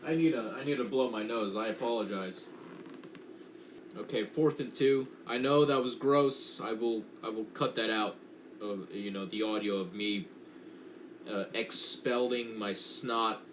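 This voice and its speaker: A man's voice: on the low side, measured pace, a little hiss or hum. A young man giving casual, unpolished play-by-play commentary on a football game from home, correcting himself and chatting between plays. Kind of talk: casual watch-along commentary.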